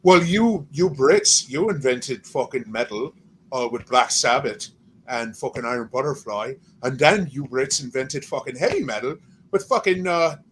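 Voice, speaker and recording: A man's voice: mid-range voice, animated, normal speed, slight background noise. An American man chatting bluntly on a livestream, swearing freely. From American Midwest. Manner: blunt, laughing, heavy swearing. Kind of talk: casual chat.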